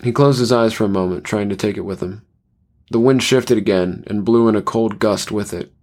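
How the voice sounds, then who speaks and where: A man narrating a scripted horror story in a measured way. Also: fairly low pitch, a little mellow.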